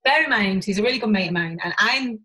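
A woman talking frankly as an interview guest. She rushes through her thoughts, tumbling over restarts and casual swearing. Her voice sits in a middle register. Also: mid-range voice, breathy edge, rough recording. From Warrington, England. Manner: rapid, animated, swears freely, many restarts. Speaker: podcast guest, business owner. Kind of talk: candid conversational interview.

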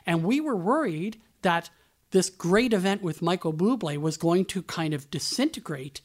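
A man's voice: high-pitched, animated, normal speed. Chatty male radio host telling a story. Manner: chatty storytelling, conversational asides. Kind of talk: radio show narration.

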